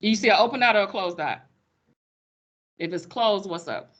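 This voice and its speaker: A woman's voice: mid-range voice, normal speed, dull audio. A woman teaching a math class, sassy and playful with her students. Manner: sassy, playful, calls students sugar baby.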